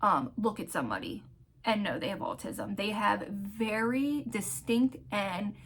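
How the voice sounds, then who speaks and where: Woman, vlogger, mid pitch, candid casual storytelling, heartfelt, frequent ums. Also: lively intonation, a little slow, a bit bright, a little hiss or hum. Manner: candid, heartfelt, searching for words with many ums.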